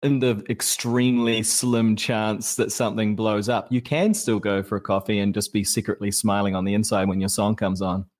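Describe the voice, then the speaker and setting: A man in his thirties with a New Zealand accent, talking as a musician guest in a relaxed, thoughtful, halting way. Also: lowish voice. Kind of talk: casual interview chat.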